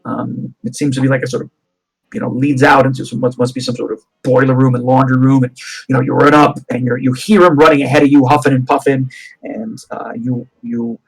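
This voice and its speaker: A man's voice: mid-range voice, little pitch movement, brisk, creaky, husky, poor audio. A man narrating a tabletop game as game master, rambling with restarts. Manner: rambling, many fillers and restarts.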